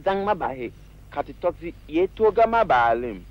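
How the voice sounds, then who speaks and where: A man's voice: a little high, very animated, normal speed. An actor playing a boastful trickster who blusters, threatens and coaxes, switching between languages, on dull old film sound. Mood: coaxing. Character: boastful trickster Ananse, sly adult man. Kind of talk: 1960s film acting.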